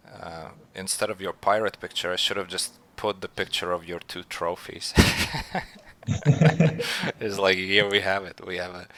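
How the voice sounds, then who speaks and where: Man, podcast host, casual chat, animated, teasing, bright tone. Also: sits low. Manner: animated, laughs often, teasing.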